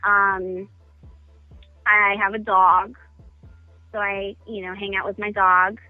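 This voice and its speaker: A woman's voice: mid-range voice, level tone, takes it slowly, no room sound, soft background music. Chatty woman guest on a phone line. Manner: chatty, self-deprecating, many ums. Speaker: interview guest. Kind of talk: casual phone interview. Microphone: phone call.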